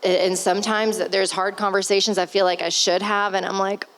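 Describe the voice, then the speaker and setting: Her voice is medium in pitch, level and brisk, with a fairly bright tone, though the recording quality is poor. She's a woman in her thirties sharing her experience as a stepmother on a family podcast, talking candidly with heartfelt emotion, nearly in tears, sighing and swearing now and then.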